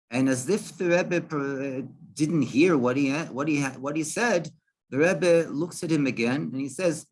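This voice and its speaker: A man, a rabbi, telling a story in a halting way, with many restarts and fillers. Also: medium pitch. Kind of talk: storytelling talk.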